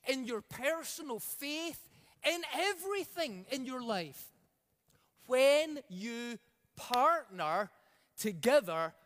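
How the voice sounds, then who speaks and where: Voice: sits high, fairly bright tone, big-room sound. A preacher delivering an emphatic sermon, stretching out key words and leading the congregation in call-outs.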